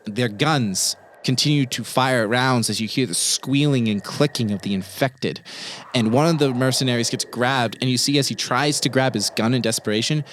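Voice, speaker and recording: A man running a tabletop horror game, narrating scenes quickly and vividly. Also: mid-range voice, a bit bright, a little hiss or hum. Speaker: game master.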